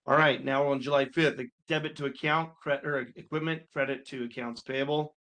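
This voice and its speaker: A man's voice: medium pitch, fairly even intonation, brisk, sharp tone. A man teaching accounting, talking casually through a homework walkthrough, thinking aloud and sounding mildly exasperated at times. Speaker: accounting instructor. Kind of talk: screen-recorded homework walkthrough.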